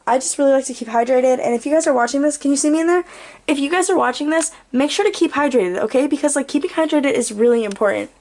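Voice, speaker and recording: A young woman vlogger, out of breath, gives a goofy, playful tour of her bedroom for her channel, dropping jokey asides along the way. She talks fast in a high-pitched voice with a darkish tone.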